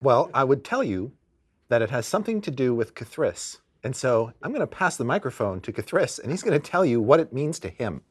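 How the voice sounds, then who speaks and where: A man's voice: medium pitch, very animated, brisk, slightly rough. A man running a tabletop game as dungeon master, chatting in a wry, teasing way. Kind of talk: casual tabletop game chat.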